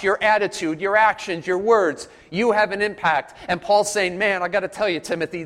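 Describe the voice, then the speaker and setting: A man's voice: sits high, a bit bright, in a large hall. A man preaching a sermon at a church camp, emphatic and repetitive, often putting questions to his listeners. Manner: emphatic, repetitive, quizzes the audience.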